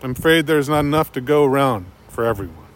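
A man playing a gentle old man, soft grumbling voice, lowered and quiet, storybook reading. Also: lively intonation, fast talker, close to an everyday voice, low-quality recording. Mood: apologetic.

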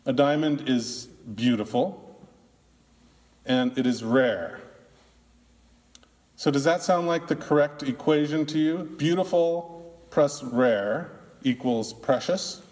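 A male minister preaches at an unhurried pace, placing words carefully and pausing often. His voice sits in a mid register. A long reverb trails each phrase, as in a large church sanctuary. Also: medium pitch, darkish tone. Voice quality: slow, deliberate delivery with long pauses. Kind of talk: sermon.

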